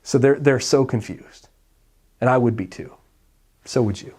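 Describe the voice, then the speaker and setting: A man's voice: medium pitch, normal speed, a little mellow, husky. A male pastor preaching a sermon in an emphatic, conversational storytelling way.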